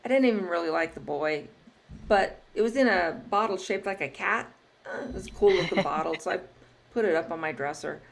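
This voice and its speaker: A woman's voice: on the low side, brisk, gravelly, a little hiss or hum. Laughing woman telling a story. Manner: lively storyteller, laughs often. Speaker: podcast host. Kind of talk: casual interview chat.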